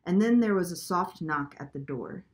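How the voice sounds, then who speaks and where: A woman reading a children's chapter book aloud at a clear, steady pace. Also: lowish voice, moderate pace. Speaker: storybook reader.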